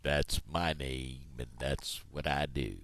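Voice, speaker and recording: A man voicing a slow, sleepy farm cow in a told joke. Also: fairly even intonation, a bit bright, slight background noise, exaggerated voice. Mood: drowsy. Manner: very slow, low, drowsy drawl.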